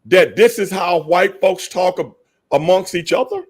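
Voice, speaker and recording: A man's voice: high-pitched, lively intonation, measured pace, darkish tone, husky. Emphatic, profane man on a podcast. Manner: emphatic, profane, repeats points. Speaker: podcast co-host. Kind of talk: casual podcast debate.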